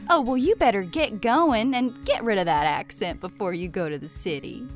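A woman's voice: medium pitch, lively intonation, moderate pace, faint music behind, close to an everyday voice. A woman playing a doting, folksy older mother with a drawling, theatrical way of talking. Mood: teasing.

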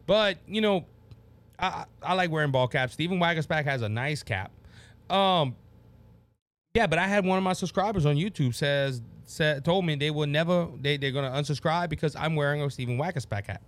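A man's voice: fairly high pitch, moderate pace, fairly bright tone. Heated Louisiana man hosting a talk show. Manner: passionate, heated, repeats words when worked up. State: worked up and sweating. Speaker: podcast host. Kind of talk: opinionated political talk show.

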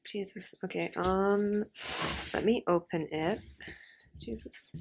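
A woman's voice: medium pitch, takes it slowly, creaky, background noise. A woman co-hosting a casual chat podcast, playful and self-mocking. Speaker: podcast co-host.

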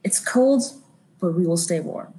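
A woman voicing a stern, sharp-tongued companion who calms others firmly. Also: fairly low pitch, unhurried, poor audio. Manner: firm, soothing, scolding.

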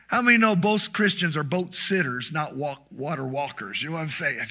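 A pastor preaching an impassioned sermon, swinging from shouts to hushed whispers. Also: male voice, high voice, a little fast, hardly any pauses.

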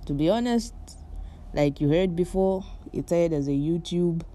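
A woman's voice: on the low side, normal speed, warm tone. A young woman from Morocco hosting a casual solo podcast from her bed, rambling and chatty with lots of fillers. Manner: chatty and rambling, with frequent "like" and "you know" and light laughs. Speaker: podcast host.

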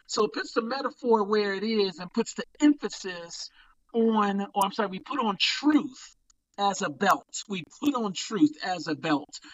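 Fast-talking older pastor, muffled sound. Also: male voice, high-pitched, a bit bright, slight background noise. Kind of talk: casual podcast discussion.

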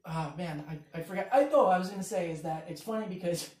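A man co-hosting a comedy podcast in casual chat, rambling through stories with profanity and loud acted-out quotes. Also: high voice, expressive, quick pace. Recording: roomy, distant mic.

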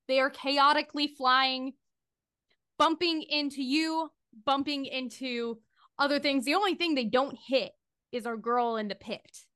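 A woman game master narrating a tabletop horror game in an even, descriptive way. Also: sits high, measured pace.

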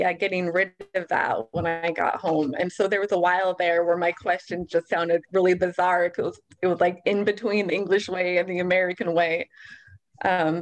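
A woman recalling her past in a casual group chat, rambling and chatty. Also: on the low side.

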